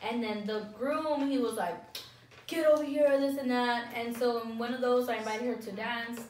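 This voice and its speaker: A woman's voice: fairly high pitch, moderate pace. A young woman vlogger casually telling a storytime between bites, with lots of "like" and quoted dialogue. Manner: animated retelling with lots of "like". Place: indoors, eating at a table. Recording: echoey room from a distance with some noise.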